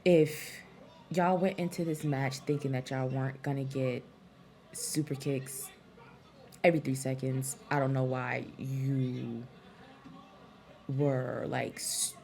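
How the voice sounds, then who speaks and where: A woman's voice: a bass voice, steady tone, slow, vocal fry, pauses often, mellow. A woman talking through a wrestling event in a casual, frank review vlog, full of ums and likes and swearing freely.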